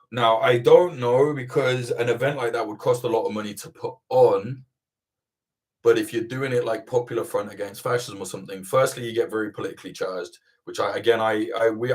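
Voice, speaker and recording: A man hosting a livestream Q&A, chatting casually, swearing freely and rambling with lively energy. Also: on the low side. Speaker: host of livestream Q&A.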